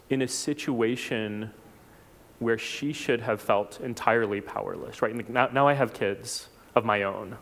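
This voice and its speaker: A man from South Texas giving a reflective personal talk at a church forum, unhurried, with small restarts. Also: mid-range voice, vocal fry. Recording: long hall reverb.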